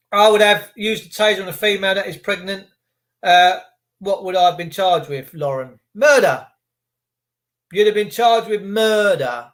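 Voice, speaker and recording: A man's voice: sits high, a bit bright. A man hosting a livestream, ranting indignantly and sarcastically and talking straight to his chat viewers. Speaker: livestream host.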